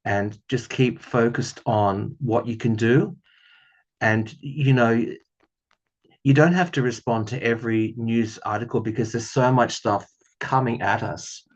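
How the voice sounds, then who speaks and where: A man of middling pitch chats through a casual tarot reading, rambling in an earnest way and laughing at himself now and then. His voice comes through a slightly muffled home recording. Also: unhurried. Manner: rambling, earnest, chatty with self-deprecating laughs. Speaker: tarot reader.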